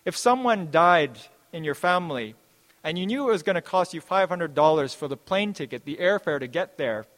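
A man with a fairly high speaking voice preaches a sermon with earnest conviction. He drives points home by repeating phrases and slows right down to quote scripture. His voice rings with the long reverb of a large hall. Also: lively intonation, fairly bright tone.

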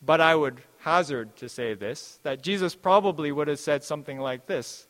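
A man with a fairly high speaking voice preaches a sermon with earnest conviction. He drives points home by repeating phrases and slows right down to quote scripture. His voice rings with the long reverb of a large hall. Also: a bit bright.

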